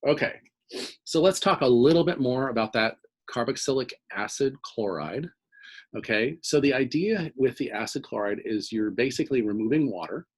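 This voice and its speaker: Man, chemistry lecturer, husky voice, mid-pitched, explanatory classroom lecture. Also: animated, moderate pace, rough recording. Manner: explanatory, checks in with frequent "okay?".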